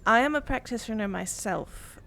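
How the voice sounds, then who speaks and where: A woman's voice: fairly high pitch, animated, normal speed, creaky, fairly bright tone, a little hiss or hum. A woman voicing her own character, an earnest, polite young woman adventurer who hesitates and searches for words.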